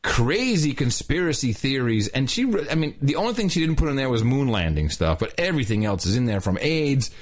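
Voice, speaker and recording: A man hosting a podcast, talking in a sarcastic, mocking, animated way. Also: mid-range voice, a little fast, hardly any pauses. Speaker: podcast host. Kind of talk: casual podcast talk.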